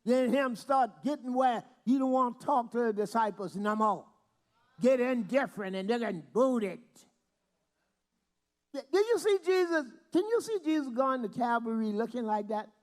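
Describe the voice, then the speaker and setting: A man preaching a sermon, breaking into shouts and acting out prayers. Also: extremely high pitch, lively intonation, normal speed. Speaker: bishop preaching.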